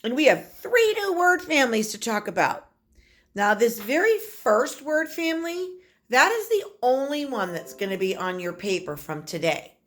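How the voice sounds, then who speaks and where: A woman's voice: a little high, sing-song. Sing-song woman teaching small children. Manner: slow, sing-song, sounds out letters and words for small children. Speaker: kindergarten teacher. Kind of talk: recorded online phonics lesson for young children.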